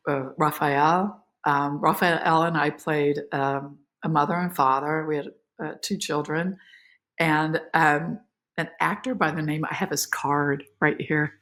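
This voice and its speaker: An actress as a podcast guest, telling emotional behind-the-scenes stories in a lively, filler-filled way. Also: female voice, sits low. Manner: animated, emotional, many fillers. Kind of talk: casual interview storytelling.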